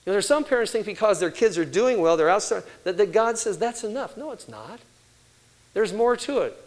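An older man preaching a sermon, telling family stories and acting out quoted voices with animated delivery. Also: high voice, fairly quick, rough recording.

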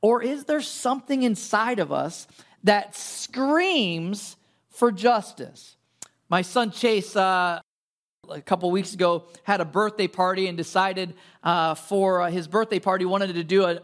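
A man's voice: high voice, unhurried. A male pastor preaching a conversational sermon, telling stories and asking rhetorical questions. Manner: asks many rhetorical questions; casual and storytelling, with fillers.

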